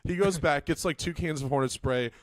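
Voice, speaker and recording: A young man co-hosting a comedy podcast, telling rambling, animated anecdotes in casual chat. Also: a little high, fairly quick, dry recording. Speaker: podcast co-host.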